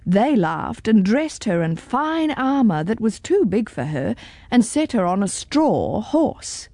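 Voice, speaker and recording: A woman reading a children's storybook aloud in an expressive, deliberate way. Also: medium pitch, no room sound.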